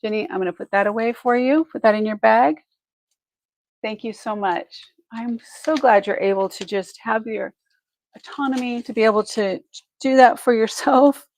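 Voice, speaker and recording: A woman's voice: fairly high pitch, moderate pace, poor audio. A woman hosting a live online jewelry sale, chatty and effusive, thinking aloud as she measures pieces and thanks buyers. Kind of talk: live shopping stream chat.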